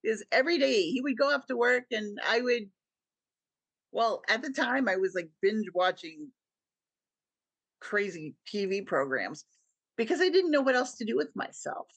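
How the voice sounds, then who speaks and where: A woman's voice: on the high side, expressive, moderate pace, pauses often, dry recording. A middle-aged woman, a podcast guest, telling a personal story with earnest feeling and acting out what people said. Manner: earnest storytelling, acts out quoted dialogue.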